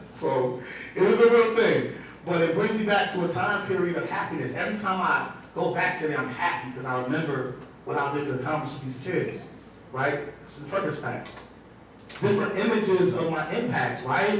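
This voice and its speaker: A man's voice: a little high, a little hiss or hum. A man giving a live workshop presentation to teachers, talking conversationally and often asking his audience "right?". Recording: very echoey room picked up from far off.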